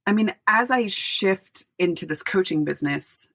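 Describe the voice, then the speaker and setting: A middle-aged woman pastor, a podcast guest, speaking earnestly and reflectively, with pauses and restarts. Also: medium pitch, lively intonation, fairly bright tone, no echo. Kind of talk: podcast interview.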